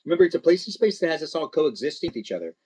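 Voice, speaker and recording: A man's voice: on the high side, big pitch swings, racing, mellow. A man hosting a live stream, chatting casually and teasing his guests and chat.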